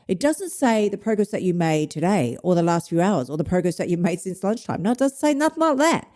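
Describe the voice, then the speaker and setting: A woman's voice: medium pitch, big pitch swings, fairly quick, few pauses, dark tone. A woman in her thirties hosting a weight loss talk, blunt and emphatic, swearing freely as she gives a casual motivational monologue. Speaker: host of a weight loss show.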